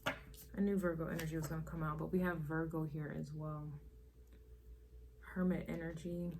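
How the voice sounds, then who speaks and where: A woman's voice: sits low, little pitch movement, moderate pace, background noise. A woman giving a casual spiritual tarot reading, musing and rambling as her thoughts trail off. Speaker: tarot reader.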